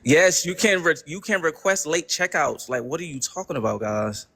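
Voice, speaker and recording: A man's voice: fairly high pitch, normal speed, bright, forceful tone. A young man hosting a livestream, ranting to his chat in casual slang and repeating exasperated rhetorical questions. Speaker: livestream host.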